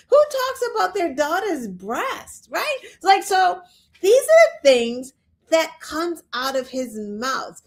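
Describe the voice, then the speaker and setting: Host, woman, unhurried but fed-up rant, lots of "like" and "right?", higher register. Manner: exasperated, rhetorical questions; fillers like "like" and "right?". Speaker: show host. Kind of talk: opinion rant.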